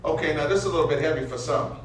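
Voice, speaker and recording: A man preaching a sermon, stopping a reader to teach and drawing call-and-response from the room, building from calm teaching into impassioned near-shouting. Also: fairly high pitch, racing, slight background noise. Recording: echoey room, mic from far off.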